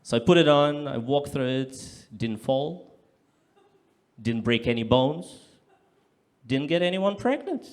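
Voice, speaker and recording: A man's voice: medium pitch, slow, pauses often. Man doing live stand-up. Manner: deadpan punchlines with sudden loud acted-out voices. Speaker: stand-up comedian. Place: comedy club stage in front of a live audience.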